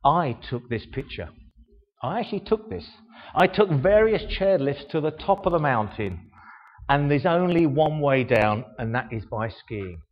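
An older man speaks in a chatty, self-mocking way, tossing rhetorical questions at his listeners. His voice sits a little high and swings widely in pitch. The sound is dull and rings with long hall reverb. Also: expressive, unhurried. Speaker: speaker giving a talk. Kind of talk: informal show-and-tell talk.

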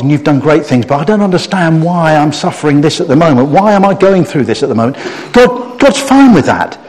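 A middle-aged man preaching a story-based sermon, acting out the people in the story and getting the audience to join in. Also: a little high. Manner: animated storyteller who acts out quotes and gets the audience to join in. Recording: long reverb of a large hall.

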